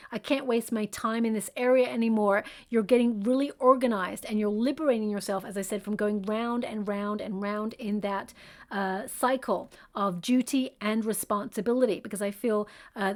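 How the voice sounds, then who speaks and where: A woman giving a spoken tarot reading, talking in a soothing, reassuring way with frequent fillers and check-ins to the listener. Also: a little high. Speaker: tarot reader.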